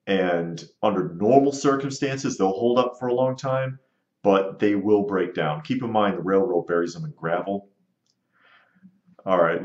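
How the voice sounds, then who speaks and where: A man hosting his own channel, bluntly and sarcastically answering rude viewer comments in casual commentary. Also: deep voice. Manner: blunt, sarcastic, dismissive of critics. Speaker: channel host. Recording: roomy, slightly dull audio.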